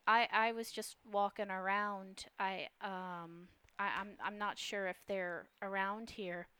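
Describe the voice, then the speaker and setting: A timid girl stammers through hesitant, flustered answers, as a woman running the game plays her. Her voice is bright and light. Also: mid-range voice, level tone, slow pace, clear, resonant tone.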